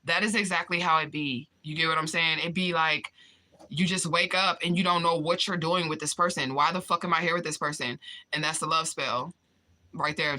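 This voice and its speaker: Bright-voiced woman chatting frankly on a livestream. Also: low-pitched. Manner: candid, profane, laughs often, answers viewers directly. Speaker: livestream vlogger reading chat comments. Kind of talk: casual livestream chat.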